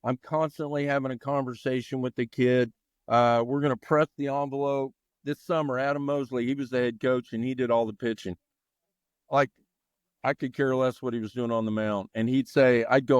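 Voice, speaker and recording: A middle-aged man, a longtime baseball coach and teacher, telling stories with lively energy as a podcast guest. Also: medium pitch, moderate pace, clear, resonant tone, dry recording, studio quality. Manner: animated, energetic storyteller. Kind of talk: storytelling in a podcast interview.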